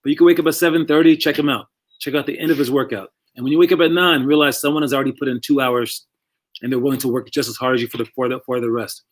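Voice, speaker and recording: A man's voice: medium pitch, steady tone, fast. A man coaching young basketball players on a live stream, talking casually and rambling, repeating phrases for emphasis.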